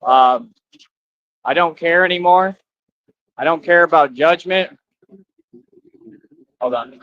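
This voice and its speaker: A man's voice: fairly high pitch, slow, fairly bright tone. A man talking to his viewers in a rambling, defiant, preachy monologue, repeating himself. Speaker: streamer. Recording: dull lo-fi sound.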